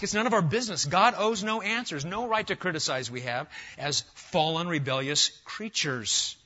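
A man preaching an expository sermon to a congregation, animated and emphatic, firing rhetorical questions and talking straight to his listeners. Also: fairly high pitch, muffled recording. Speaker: pastor. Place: church sanctuary with a live congregation.

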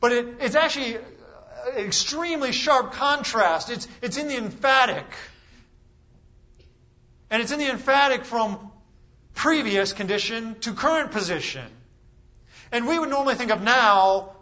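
A man preaching a sermon to a congregation, emphatic and full of rhetorical questions, with dramatic pauses. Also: very high voice, animated, bright, forceful tone, dull audio.

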